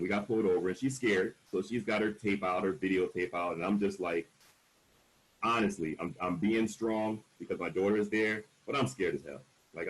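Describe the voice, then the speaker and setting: Frank, emphatic man with a lowish voice. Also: poor audio. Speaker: panel speaker. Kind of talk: candid personal storytelling at a panel.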